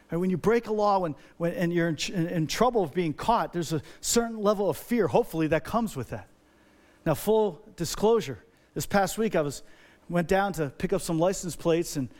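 A middle-aged male pastor preaching a sermon, emphatic and repetitive, building energy by repeating phrases. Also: high-pitched.

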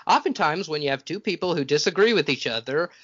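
Man, podcast host, casual wry chat; slightly high voice, dry muffled recording. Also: animated, fast talker, a bit bright, no room sound. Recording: dull lo-fi dry sound.

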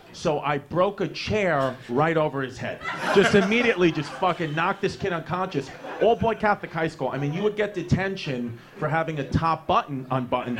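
On a comedy club stage before a live audience, a New York man does brash, profane stand-up, rambling through his stories with lots of fillers. His voice is fairly high and a bit bright.

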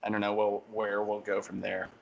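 A man co-hosting a podcast, telling a rambling, animated story in casual chat with lots of fillers. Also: on the low side, moderate pace, gravelly, muffled recording. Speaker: podcast co-host.

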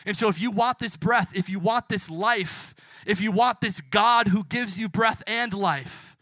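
A man preaching a sermon as a youth pastor and closing in prayer. His delivery is impassioned, swinging from soft hushed lines to loud emphatic ones, with casual self-correcting asides. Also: sits high, measured pace, no echo, clean studio sound.

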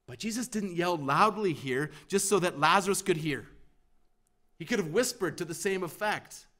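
A man preaching a sermon as pastor, emphatic, pressing repeated questions and swinging from loud to hushed. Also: sits high, normal speed.

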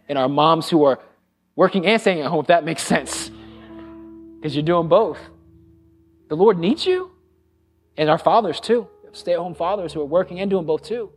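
A middle-aged man preaching a sermon as pastor, earnest and conversational, repeating phrases and dropping to a hush on solemn lines. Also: a little high, husky. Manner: drops to a hushed voice on solemn lines.

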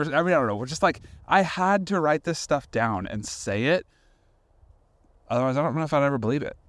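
A man's voice: on the high side, animated, a little fast. A man in his thirties hosting a casual faith podcast, talking in a conversational, self-deprecating way with many fillers and restarts. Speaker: podcast host.

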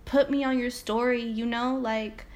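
Speaking at a measured pace in a voice on the high side, with a steady, darkish tone, this podcast host from Salinas, California, delivers casual motivational content. She tells stories emphatically, swears freely, and talks straight to her audience.

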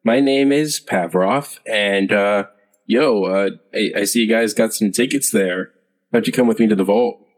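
Game figure: a man playing a laid-back, fumbling dragonborn guard, low-voiced, in a reverberant hall. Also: moderate pace, natural voice. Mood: sheepish. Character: casual, apologetic male dragonborn guard.

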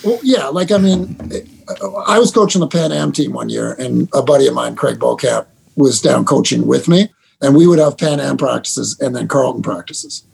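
A middle-aged man, a basketball head coach, telling animated stories with laughter and quick restarts in a casual interview. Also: mid-range voice, vocal fry, slightly rough. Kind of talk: storytelling guest in a casual interview.

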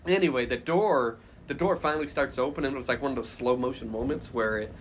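A man telling a funny personal story as a podcast guest, loose and animated, often laughing and shouting out the lines he quotes. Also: mid-range voice, quick pace, slight background noise. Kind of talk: casual anecdote storytelling.

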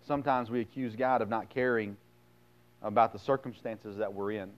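Man preaching with loud, quiet swings. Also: lowish voice, steady tone, normal speed, dull audio. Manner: reads scripture aloud then paraphrases it bluntly; dynamic, swings from loud emphasis to quiet asides. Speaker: pastor. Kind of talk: sermon.

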